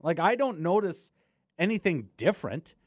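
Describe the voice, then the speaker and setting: A man's voice: high-pitched, big pitch swings, normal speed, dry recording, clean studio sound. A man with a Canadian accent, a regular co-host on a sports radio show, talking casually and explaining rules in a matter-of-fact way.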